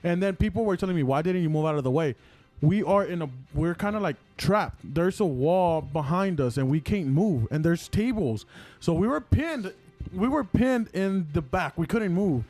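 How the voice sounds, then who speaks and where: A man's voice: high voice, moderate pace, soft background music. A young man co-hosting a casual podcast, retelling a story animatedly with lots of "like". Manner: animated retelling, heavy use of "like". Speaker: podcast co-host. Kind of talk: casual chat.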